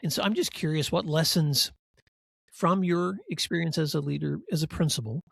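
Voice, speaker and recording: A man's voice: on the high side, moderate pace, vocal fry, husky, dry recording. A man hosting a podcast, asking questions in a reflective way and summing up what his guest says. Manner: reflective, affirming, sums up the guest's points. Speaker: podcast host. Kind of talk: interview host questions.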